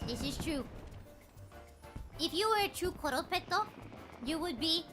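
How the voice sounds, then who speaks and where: A woman streaming a video game, chatting casually with a very high, cutesy voice, excitable and playful, breaking into squeals and mock-dramatic lines. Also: measured pace, pauses often. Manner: excitable, squeals and bursts of loud shouting. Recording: faint music behind the voice.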